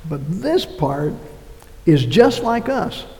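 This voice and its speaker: A man preaching a sermon as pastor, reading scripture aloud in an animated way. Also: on the high side, takes it slowly, in a large hall, low-quality recording. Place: church.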